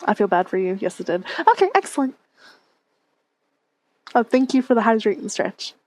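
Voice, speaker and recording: A woman's voice: medium pitch, big pitch swings, moderate pace, darkish tone. A woman streamer chatting casually with her viewers on a headset mic, reading and answering chat and laughing often.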